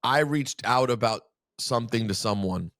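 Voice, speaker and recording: A man's voice: mid-range voice, moderate pace, fairly bright tone, no room sound, clean studio sound. A man co-hosting a podcast, chatting loosely and rambling with teasing asides. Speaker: podcast co-host. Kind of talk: casual chat. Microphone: studio podcast mic.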